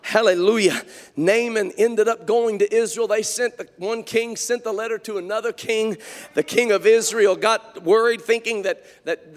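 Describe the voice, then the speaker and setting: Preacher: man, very high voice, fervent storytelling sermon in a reverberant church. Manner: storytelling, exclaims hallelujah, builds to shouting. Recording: long hall reverb.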